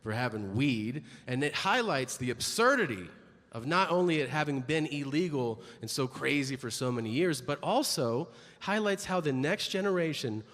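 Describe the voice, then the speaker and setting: Animated male stand-up comic, lively pitch. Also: big-room sound. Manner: animated, acts out other people's lines in quick put-on voices. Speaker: stand-up comedian. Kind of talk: stand-up storytelling. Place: comedy stage before a live audience. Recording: stage recording with audience noise.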